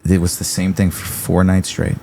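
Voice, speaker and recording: Man, young adult, from Virginia, lowish voice, animated storyteller, faint background hum. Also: normal speed, gravelly. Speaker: guest comedian. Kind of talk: casual interview storytelling.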